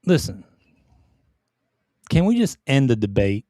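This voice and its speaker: A man's voice: medium pitch, sing-song, unhurried, mellow, dry recording, studio quality. A man co-hosting a podcast, ranting in casual chat with swearing and restarts. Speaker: podcast co-host.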